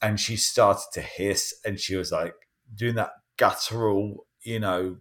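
On this casual podcast, a man with a rather low voice and slightly slow delivery rambles through a tale. He plays out the quoted dialogue himself, animating each voice as the panelist retells it.

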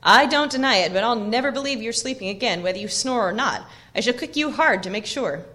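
An anxious young hobbit hero speaks with rising feeling, his lines lifted and exclaimed, as a woman reading the book aloud puts him on. The delivery swings widely in pitch. It sounds like a storybook read at home. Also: lively intonation, fairly quick, sharp tone. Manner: emotional, exclaiming reading of dialogue.

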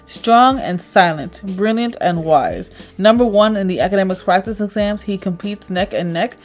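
A woman's voice: mid-range voice, expressive, moderate pace, soft background music. A young woman casually reading a comic aloud, stumbling over foreign names and laughing it off. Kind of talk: casual read-aloud with chat.

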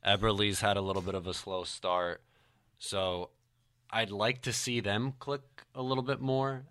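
A man co-hosting a casual sports podcast, talking in a measured, analytical way. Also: fairly low pitch, steady tone, fairly bright tone, no room sound. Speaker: podcast co-host.

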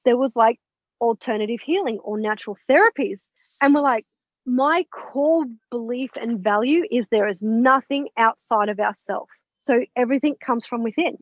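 High-voiced woman retelling a story. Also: moderate pace, dry recording. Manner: animated, acts out quoted dialogue, blunt with mild swearing. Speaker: interview guest, author and spiritual mentor. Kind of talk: conversational storytelling. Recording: dull, dry lo-fi audio.

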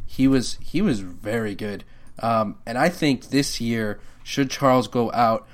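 Easygoing male podcast co-host. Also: mid-range voice. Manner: laid-back, hedging with fillers. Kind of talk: casual chat.

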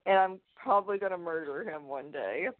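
Co-hosting a podcast from her home with hardwood floors, a woman chats casually and tosses in joking asides. Her voice is low-pitched and brisk, and the dry recording has no echo but sounds tinny and phone-like.

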